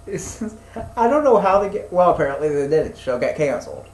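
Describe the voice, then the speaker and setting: A man's voice: on the high side, very animated, fast talker, darkish tone, echoey room, poor audio. A young man chatting casually as a podcast co-host, rambling with lots of fillers, restarts and swearing. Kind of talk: casual chat.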